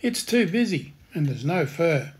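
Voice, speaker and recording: Man tutorial host, slightly raised pitch, husky, calm step-by-step delivery. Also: a little slow. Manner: calm, plain instructional delivery.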